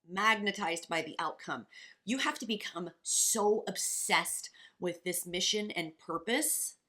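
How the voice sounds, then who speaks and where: A woman's voice: medium pitch, a bit bright. A woman co-hosting a podcast as a coach, talking in a passionate, blunt and profane way. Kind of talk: casual motivational podcast chat.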